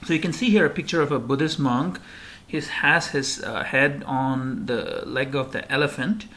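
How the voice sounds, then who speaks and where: A man's voice: mid-range voice, moderate pace, sharp tone. A man giving a recorded slide lecture, rambling with many fillers and restarts.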